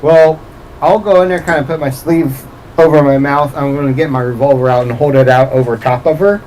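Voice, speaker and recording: A man playing a tabletop horror game, plain-spoken and gruff in character. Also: mid-range voice, steady tone, a little fast, a little mellow, a little hiss or hum, rough recording. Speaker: player. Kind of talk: casual tabletop role-play.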